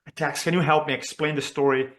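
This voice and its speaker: A man from Brazil, a communication trainer telling a personal story during a talk for chiropractors, earnest and expressive as he acts out the dialogue. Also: fairly high pitch, fast. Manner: earnest and expressive, acts out quoted dialogue, with frequent fillers and restarts.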